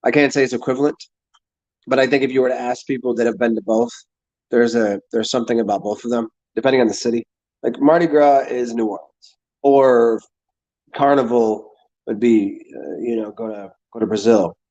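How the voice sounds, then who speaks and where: A man's voice: mid-range voice, steady tone, warm tone. Rambling man on a dull lo-fi stream. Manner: halting, repeats words and restarts, laughs and swears. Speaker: streamer answering chat. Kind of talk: casual rambling chat. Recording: dull lo-fi sound.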